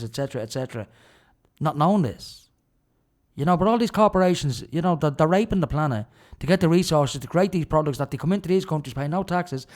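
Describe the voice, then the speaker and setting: A man's voice: on the high side, darkish tone. An Irish man hosting a radio show, delivering an indignant, ranting solo monologue with heavy emphasis.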